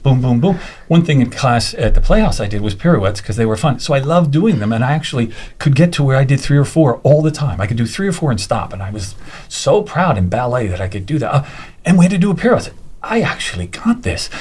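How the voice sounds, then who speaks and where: Lively man telling an animated story. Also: quick pace. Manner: acts out quotes with big pitch jumps.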